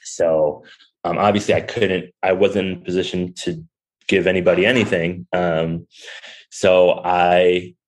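A young man with a low, flat voice speaks at a measured pace on a rough recording. He's a restaurant owner appearing as a podcast guest, telling a personal story in a candid, rambling way packed with fillers, like conversational storytelling.

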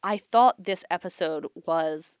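A woman's voice: on the low side, a little slow, clear, resonant tone, no echo, clean studio sound. A woman telling a story in a rambling, casual podcast chat, laughing often. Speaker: podcast co-host.

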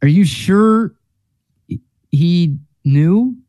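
A man co-hosting a sports talk show, teasing his partner with quick, crude jokes. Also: high voice, expressive, mellow, no echo. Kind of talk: casual sports chat.

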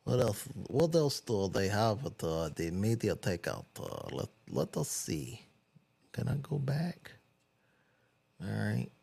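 A man's voice: fairly low pitch, sing-song, slow, creaky, dark tone, breathy edge. A man casually reading celebrity news aloud and reacting with loose, profane commentary while he browses.

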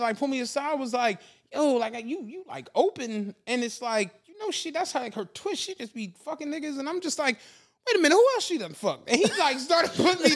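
A man spinning a story on a casual podcast, breaking into laughter again and again. He acts out the other people in the tale as he goes, and the talk stays loose and lively. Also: very high-pitched. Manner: laughing, animated storytelling with voiced quotes. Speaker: podcast co-host.

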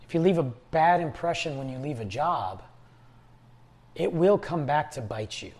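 A middle-aged man with a somewhat husky voice, pitched a little higher than most men, talks earnestly in a reflective podcast monologue. His delivery swings widely up and down. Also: animated, moderate pace, a little mellow. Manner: earnest, confiding, self-reflective. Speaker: podcast host.

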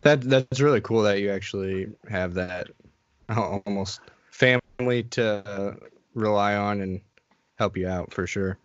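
A man hosting a podcast, asking his guest questions in a casual, unhurried way. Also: fairly low pitch, dry recording, lo-fi sound. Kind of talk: casual interview.

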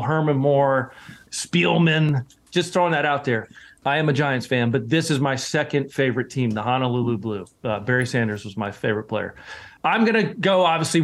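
A man co-hosting a sports podcast, speaking in a confident, chatty and teasing way. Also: mid-range voice. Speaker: podcast co-host. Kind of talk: casual sports podcast chat.

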